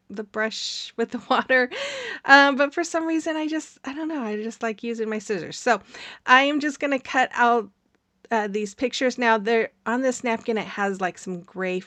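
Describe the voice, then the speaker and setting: A woman's voice: a little high, dry recording. Middle-aged lady chatting thru her diy crafts, rambly w lots of ums, dead dry close mic. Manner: chatty, rambling, frequent ums and soft laughs. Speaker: craft tutorial host. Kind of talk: casual DIY voice-over narration.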